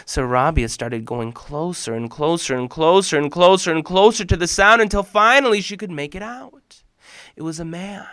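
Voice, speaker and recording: Animated male storyteller, whispers and cries. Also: high voice, normal speed, clear, resonant tone, no room sound. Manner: dramatic, swings between whispers and loud cries. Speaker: host and storyteller.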